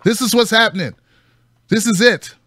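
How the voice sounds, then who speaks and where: A man hosting a casual news commentary show, animated and sarcastic, jumping between high mocking tones and low grumbles. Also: moderate pace, no echo, studio quality. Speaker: show host.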